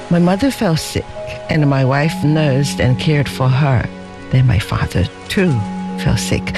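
Dignified merchant father, as read by a man; calm, solemn, slow, lively pitch. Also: full character voice.

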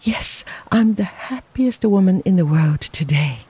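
A reader voicing a devoted young woman, a gentle bride, in a soft, pleading storybook reading. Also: mid-range voice, lively intonation, unhurried, breathy edge, no room sound. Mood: joyful.

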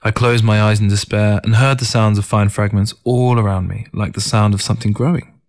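A man narrating a first-person story in a calm, reflective audiobook reading. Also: on the low side, fairly quick.

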